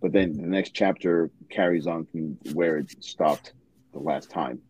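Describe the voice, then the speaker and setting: A man hosting a podcast, recommending a book in a halting way with many pauses. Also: sits low, a little mellow, slightly rough, low-quality recording. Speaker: podcast host.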